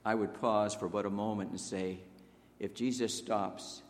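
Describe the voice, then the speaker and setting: A man preaching a sermon in a church, emphatic, rising to raised exclamations and dropping to hushed low asides. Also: fairly even intonation, measured pace, slight background noise. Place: church sanctuary. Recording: long echoing reverb of a church hall.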